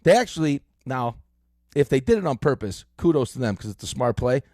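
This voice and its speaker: A middle-aged man hosting a sports radio show, telling stories in an animated way with lots of fillers, on a close studio mic. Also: mid-range voice, a little fast, no room sound. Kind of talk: casual sports talk.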